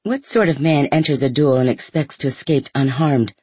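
A man's voice: mid-range voice, lively intonation, normal speed, a little mellow, husky, dry recording. A man voicing a proud, imperious thirteen-year-old princess who speaks coldly and with contempt. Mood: cold, contemptuous. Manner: cold, commanding, contemptuous.

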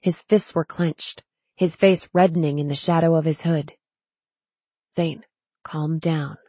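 A woman narrating a novel as an audiobook in a measured, steady way. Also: deep voice, no room sound. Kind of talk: scripted narration.

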